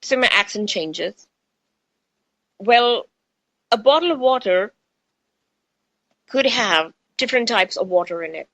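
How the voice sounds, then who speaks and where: A woman's voice: medium pitch, animated, measured pace, long pauses, fairly bright tone, no room sound, highs cut off. Chatty Indian woman radio host. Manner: chatty, repeats phrases for emphasis. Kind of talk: spiritual talk radio monologue.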